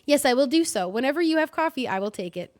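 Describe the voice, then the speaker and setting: A woman's voice: high voice, animated, fast talker, darkish tone, no echo. A woman voicing a tired middle-aged businessman who talks in a stiff, formal, literal way. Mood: insistent.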